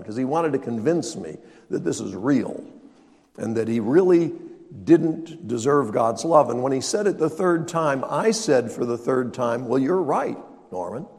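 A man's voice: medium pitch, gravelly, darkish tone, long reverb tail. An older man preaching a sermon as pastor, telling a story and acting out the dialogue with emphatic rises.

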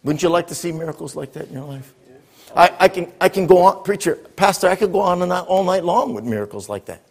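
A man's voice: high-pitched, expressive, fast talker. A man preaching a sermon to a congregation, drawing call-and-response answers from the room. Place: church with congregation. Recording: echoey hall.

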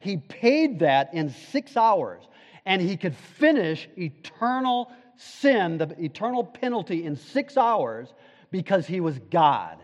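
A male pastor delivers a sermon at a slow, deliberate pace, pressing hard on key words. His voice sits a little high for a man and swings between loud, urgent peaks and hushed, low asides. A long reverb from a big sanctuary trails every phrase. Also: very animated. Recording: long reverb of a large hall.

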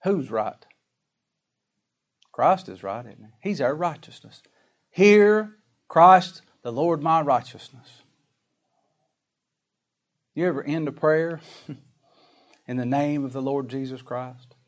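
Folksy man preaching a slow-read sermon. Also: a little high, animated. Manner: folksy preaching, rhetorical questions, slow emphatic scripture reading. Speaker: pastor.

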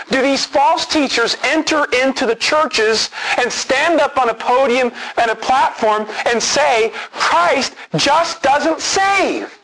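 A man's voice: very high-pitched, a bit bright, rough recording. A man preaching an expository sermon, earnest and emphatic, repeating key words for stress.

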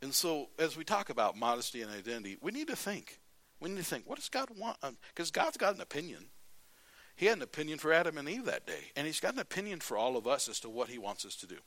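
A man preaching a sermon as pastor, telling stories in a lively way and reading scripture aloud. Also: on the high side, fast. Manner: animated storytelling, then plain scripture reading.

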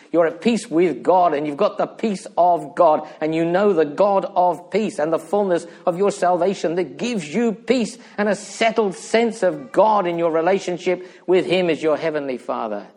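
A male preacher delivers a sermon in a high-pitched voice that rises and falls dramatically. He swings between loud emphatic bursts and hushed asides, putting rhetorical questions straight to his listeners.

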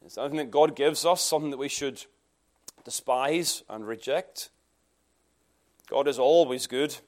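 A man's voice: mid-range voice, measured pace, a little mellow. A man preaching a sermon, emphatic, with rhetorical questions.

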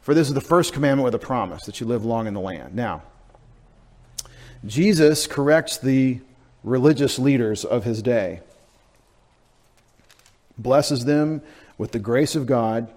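A middle-aged man, preaching a sermon in a conversational, self-deprecating way, dropping into quiet asides. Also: mid-range voice. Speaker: pastor.

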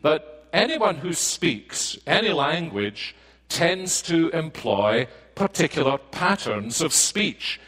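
Slow, measured Scottish preacher man. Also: mid-range voice, fairly bright tone, husky, low-quality recording. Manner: measured, deliberate delivery with pauses. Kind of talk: sermon.

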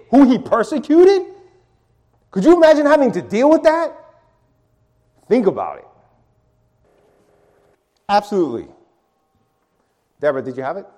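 A middle-aged man teaches a Bible class in a loose, conversational way, stumbling over restarts and calling on people in the room. His pitch rises and falls with lively, animated swings. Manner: conversational, repetitive restarts, calls on audience. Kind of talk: interactive church teaching.

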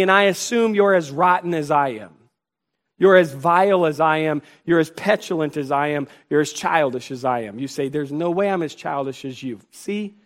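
A man preaching a sermon as pastor, full of rhetorical questions and mock back-and-forth, with pace and loudness swinging widely between phrases. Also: high voice.

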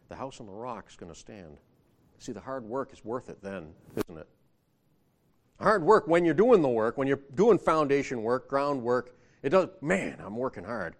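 A man preaching a sermon in a conversational way, often asking the listeners rhetorical questions and rising in emphasis when he quotes scripture. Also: mid-range voice.

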